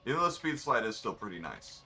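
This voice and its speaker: A man's voice: medium pitch, big pitch swings, fast talker, sharp tone, soft background music. A man, rambling in wry, offhand asides while commenting on his racing game. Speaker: gamer streaming a race. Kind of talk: casual gameplay commentary.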